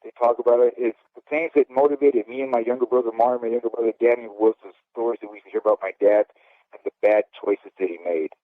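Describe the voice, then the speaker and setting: A man's voice: medium pitch, fairly even intonation, fast talker, no room sound. A middle-aged former boxer talks candidly, rambling through his memories and tagging lines with "okay?". His voice sits in an ordinary middle range. The sound is dry and thin, like a telephone line. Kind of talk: storytelling interview. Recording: dry, phone-like audio.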